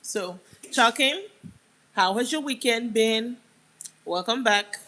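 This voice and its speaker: A woman's voice: a little high, lively intonation, slow, a bit bright, rough recording. A young woman from Nigeria with a Nigerian accent, hosting a casual livestream and chatting as she answers viewer comments. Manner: chatty, answers comments aloud, drifts off mid-sentence. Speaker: livestream host.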